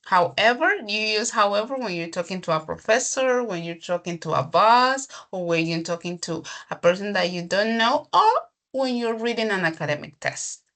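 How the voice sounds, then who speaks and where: A woman teaching an English grammar class, explaining slowly, repeating herself and checking in with the student. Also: medium pitch, animated, fairly bright tone.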